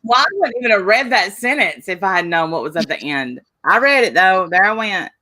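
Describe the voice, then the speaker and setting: A woman's voice: mid-range voice, a little fast, dry recording. A woman co-hosting a casual chat, telling stories with frequent laughter. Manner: laughing, animated storytelling. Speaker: podcast co-host.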